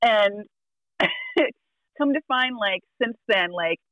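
A woman's voice: medium pitch, lively intonation, slow, a bit bright, no room sound, rough recording. A woman tarot reader telling a story in casual chat, acting out the quotes and laughing often.

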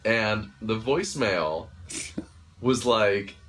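A man's voice: fairly low pitch, lively intonation, drawn-out words, fairly bright tone, slight background noise. A man co-hosting a podcast, teasing his partner and telling rambling stories in casual chat. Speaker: podcast co-host.

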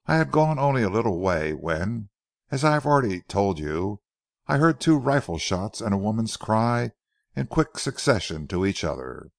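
A man voicing a calm, persistent police corporal who tells his account quietly and deliberately. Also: fairly low pitch, vocal fry, no room sound, studio quality. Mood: steady.

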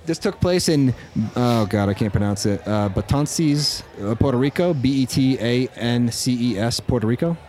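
A man with a mid-pitched voice hosts a casual podcast chat with his co-hosts. He tells his story in a loose, rambling way, stopping to correct himself and laughing often. When he gets excited, his voice jumps up. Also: moderate pace, hardly any pauses. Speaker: podcast host.

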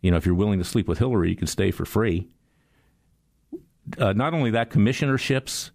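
A man's voice: on the low side, a little fast, creaky. An older man delivering a sarcastic political commentary monologue, telling stories and jokes. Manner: sarcastic, storytelling, animated.

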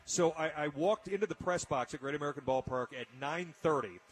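A man's voice: a little high, a little fast. A man hosting a casual radio talk show, telling an emotional story with frequent restarts. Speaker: radio host.

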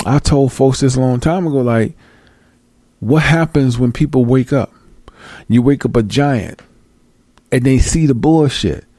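A man's voice: mid-range voice, unhurried, pauses often, dark tone, no echo. Man, casual rant, heated, profane, repeats himself, dry close sound.

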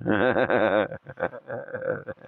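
A man's voice: lowish voice, drawn-out words, vocal fry, no room sound, phone-quality sound. A man hosting a comedy podcast, telling a rambling, cursing story, laughing often and humming movie music. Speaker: podcast host. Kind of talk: comedic monologue.

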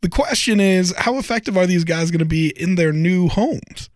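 A man's voice: high voice, normal speed, dry recording. A man co-hosting a podcast in casual sports chat, argumentative and teasing. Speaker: podcast co-host.

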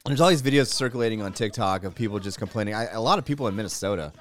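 A man's voice: fairly low pitch, very fast, soft background music. A man hosting a talk radio show, joking around with his co-host and mimicking complainers. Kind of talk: casual banter with co-host.

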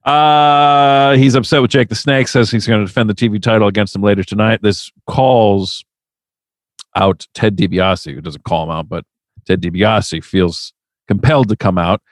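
A man's voice: lowish voice, fairly even intonation, moderate pace, no echo. A man hosting a casual podcast, animatedly recapping events with profane, storytelling energy. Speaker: podcast host.

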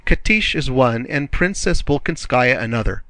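A wry, dismissive militia officer, read by a man narrating an audiobook. The tone is bright and crisp. The recording is close and dry. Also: mid-range voice, lively intonation, normal speed, dry recording, voice pushed up, natural voice. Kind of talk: audiobook character reading.

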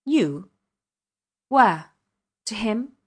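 A woman reading the lines of a proud, agitated husband who lectures his wife loudly and with authority. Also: mid-range voice, animated, moderate pace, natural voice. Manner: indignant and authoritative, loud outbursts.

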